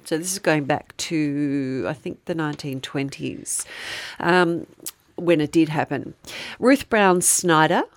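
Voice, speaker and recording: A woman's voice: low voice, takes it slowly. A woman co-hosting a podcast, chatting casually and telling a true-crime story with frequent laughter. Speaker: podcast co-host.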